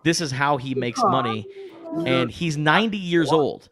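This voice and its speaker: A man co-hosting a podcast, talking in a quick, animated, joking way. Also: a little high, music in the background. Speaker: podcast co-host. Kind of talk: casual chat.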